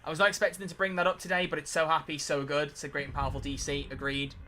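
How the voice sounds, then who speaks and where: Brief: male streamer, bright forward tone, chatty and animated, casual swearing. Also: a little high, rapid-fire, a little hiss or hum. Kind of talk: casual live-stream chat while gaming.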